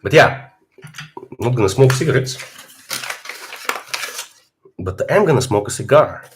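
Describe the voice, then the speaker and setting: Animated Bulgarian-accented man on a livestream. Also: unhurried, slight background noise. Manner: animated, swings from low mutters to loud outbursts. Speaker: fitness streamer. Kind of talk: casual live-stream talk.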